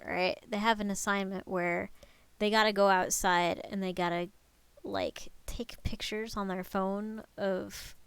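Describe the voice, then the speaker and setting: A woman's voice: medium pitch, fairly bright tone, smooth, no room sound. A woman in her twenties giving a casual live-stream lecture, chatting with viewers and swearing freely.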